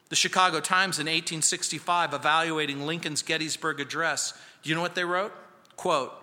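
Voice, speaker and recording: A man preaching a sermon as pastor, slow and emphatic, with dramatic pauses. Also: fairly high pitch, sharp tone, long reverb tail. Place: church sanctuary.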